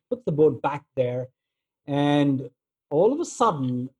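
A man giving a relaxed storytelling talk, using plenty of filler words as he tells everyday examples. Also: fairly high pitch, slightly rough. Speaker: speaker on negotiation.

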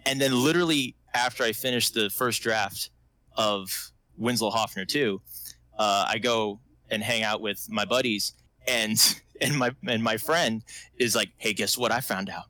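A man's voice: lowish voice, unhurried, pushed and bright, no room sound, poor audio. A man chatting casually as a podcast host, telling a rambling story and laughing often. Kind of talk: casual chat.

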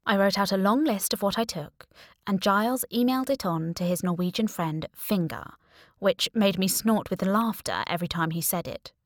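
A woman narrating a first-person audiobook in a wry, lively storytelling manner, close to the mic. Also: mid-range voice, normal speed, no echo.

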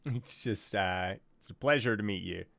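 A man's voice: fairly low pitch, moderate pace, gravelly, a bit bright, no echo. A man playing in a tabletop game, casually describing his character's actions with fillers. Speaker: player. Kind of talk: tabletop role-play.

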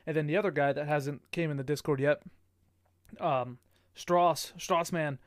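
A young man with a fairly high voice tells stories in a loose, profane podcast chat. He gets animated and laughs a lot. The recording is dry and close. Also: measured pace, no echo. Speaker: podcast co-host. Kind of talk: casual chat.

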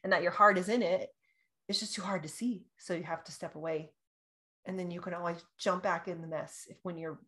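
A woman co-hosting a casual astrology chat, bubbly and easily excited, often breaking into laughter and delighted exclamations. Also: lowish voice, fairly quick. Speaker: podcast co-host.

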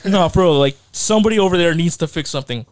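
A man's voice: fairly high pitch, quick pace, noisy background. A young man co-hosting a casual podcast, talking emphatically and repeating himself, calling friends bro and dude. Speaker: podcast co-host. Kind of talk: casual chat.

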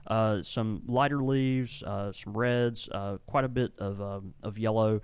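A man's voice: on the low side, fairly even intonation, unhurried, smooth, no echo. A man co-hosting a casual podcast from a tobacco shop, talking enthusiastically and rambling through descriptions. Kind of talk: casual chat.

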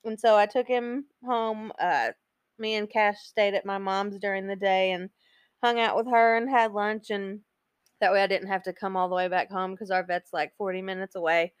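A woman's voice: medium pitch, fairly even intonation, normal speed, smooth, no echo. Brief: young woman podcast co-host, chatty storyteller who laughs a lot, dry close-mic sound. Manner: chatty, laughs often, acts out quoted dialogue. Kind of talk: casual storytelling chat.

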